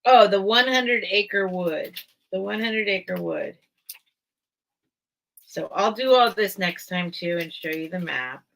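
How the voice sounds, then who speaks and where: A woman hosting a casual live sale stream, reading a children's book aloud and choking up, with halting restarts. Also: mid-range voice, gravelly, fairly bright tone. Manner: emotional, choking up while reading; slow, halting, with many restarts.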